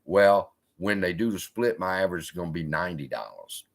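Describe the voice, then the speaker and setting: A man's voice: sits low, brisk. A man hosting a live investing stream, talking in a blunt, profane, storytelling way. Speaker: investing channel host.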